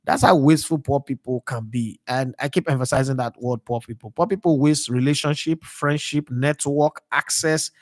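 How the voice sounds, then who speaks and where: A man's voice: medium pitch, moderate pace, hardly any pauses, no echo, clean studio sound. A Nigerian man in his thirties hosting a sports channel, telling rambling stories in a casual monologue and slipping into pidgin. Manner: digressive storyteller slipping into pidgin.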